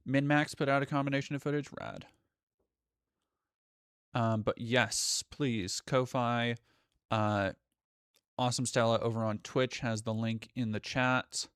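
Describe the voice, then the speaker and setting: A man's voice: mid-range voice, steady tone, slow, long pauses, a bit bright, clean tone, no echo, clean studio sound. A man live streaming, chatting with his viewers in a rambling way, cutting himself off and swearing now and then. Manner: rambling, self-interrupting, swears casually. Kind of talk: casual live-stream chat.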